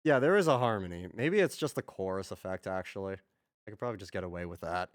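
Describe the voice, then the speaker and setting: A man's voice: sits low, animated, quick pace. A man streaming as he writes music, talking casually to himself, muttering, trailing off and restarting his thoughts. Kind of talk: casual thinking aloud while working.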